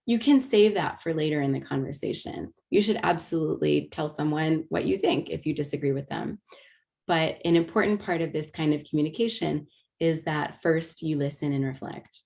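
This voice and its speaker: A woman's voice: sits low, normal speed, vocal fry, a little mellow. A woman presenting an online teaching webinar over a video call mic. She explains patiently, with frequent ums and restarts. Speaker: workshop presenter.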